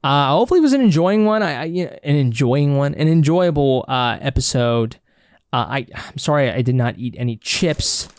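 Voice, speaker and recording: A man's voice: mid-range voice, animated, moderate pace, no echo. A man hosting a casual solo podcast, rambling and swearing freely as he corrects himself mid-sentence. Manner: rambling, profane, self-correcting. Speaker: podcast host.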